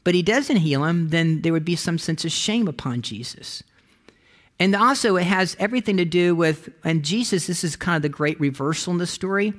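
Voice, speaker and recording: A middle-aged male pastor delivers a sermon with a fairly high voice. He tells his stories with lively rises and drops and calls out to the congregation for a response. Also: normal speed.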